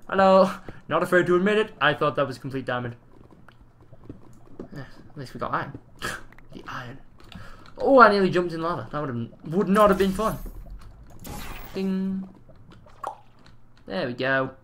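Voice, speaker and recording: A man's voice: a little high, animated, fairly quick, fairly bright tone, slight background noise. A man casually commentating his own gameplay, chatty and jokey, swearing now and then. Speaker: let's play host.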